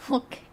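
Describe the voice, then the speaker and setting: A woman streamer chatting casually, constantly restarting and interrupting herself. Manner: self-interrupting, frequent restarts and laughs. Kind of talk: casual chat.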